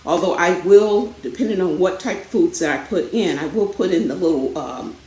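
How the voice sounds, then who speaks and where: Woman chatting at home a bit out of breath, low-ish voice, rambles with lots of ums, echoey room. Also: moderate pace, mellow. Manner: chatty, rambling, many fillers. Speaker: vlogger. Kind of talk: casual chat. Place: home, indoors.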